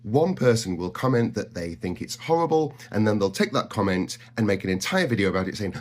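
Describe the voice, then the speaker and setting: A man's voice: fairly low pitch, very animated, brisk, few pauses, a little hiss or hum. A man ranting casually to camera, chatty and exasperated, with some swearing. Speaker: content creator. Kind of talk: casual vlog rant.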